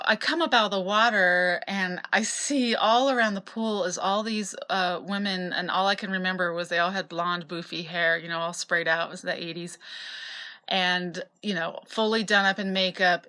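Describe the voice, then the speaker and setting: A woman in her fifties from Utah tells her life story in a loose, candid way. Her voice sits a little low but rings bright and smooth, and she wanders through her memories with fillers and restarts. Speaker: memoir narrator. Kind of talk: casual personal storytelling.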